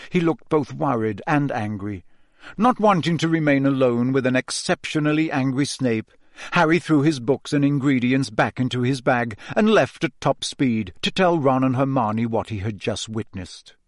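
In a dry, clean studio recording, a man with a mid-range voice narrates a novel as an audiobook. He tells the story at a steady pace and performs the characters' quoted lines himself.

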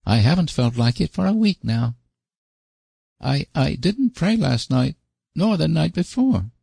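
An anxious little boy with a high, pleading voice that stumbles over his words, as a man puts him on for a storybook. The voice sits well above the reader's own, dry and close to the mic. Hoarse at the edges. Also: big pitch swings, unhurried, warm tone, no echo, heavily acted. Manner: pleading, hesitant, stammering. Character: small anxious earnest boy.

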